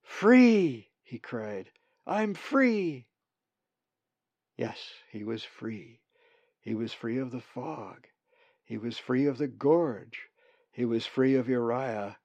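A man narrating a storybook in a slow, measured read. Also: medium pitch, mellow, no echo. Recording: dull lo-fi recording, dry.

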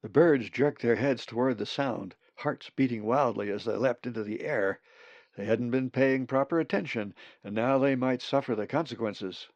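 A man narrating an audiobook slowly and expressively. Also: mid-range voice, dry recording. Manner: slow, expressive. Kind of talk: scripted narration. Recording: dull lo-fi recording.

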